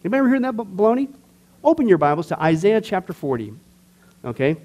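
Bible class teacher, a man with a somewhat high voice, informal and emphatic, quizzes his group. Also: sing-song, fast, dark tone. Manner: emphatic, joking, asks the class questions.

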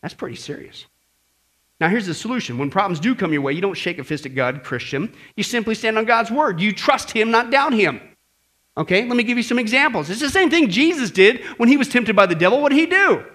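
A man's voice: high voice, lively intonation, fast, fairly bright tone. A male pastor preaching an emphatic sermon and quizzing the congregation.

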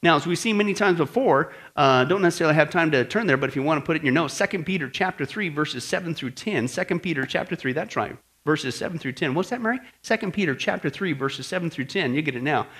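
Pastor, male, slightly high voice, casual teaching sermon, plays out quotes. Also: expressive, quick pace, hardly any pauses, fairly bright tone. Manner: conversational, asks the audience questions, acts out quoted voices. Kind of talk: sermon-style Bible lesson.

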